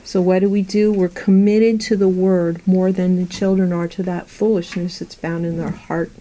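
Earnest woman preaching, warm dark tone. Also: lowish voice, normal speed, rough recording. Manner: earnest, conversational preaching with lively anecdotes. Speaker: Bible teacher. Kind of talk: sermon to a women's group. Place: meeting room.

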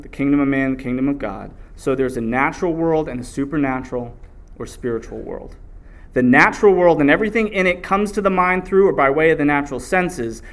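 Man, sermon, earnest teaching, emphatic exhortation, mid-pitched voice. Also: a bit bright. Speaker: preacher.

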